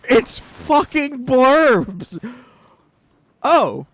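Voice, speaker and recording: A man's voice: extremely high pitch, expressive, slow pace, long pauses, no echo. A man streaming a game, chatting casually with a teammate, swearing and laughing as he retells a fight. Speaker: gaming streamer. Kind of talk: casual chat while playing a game.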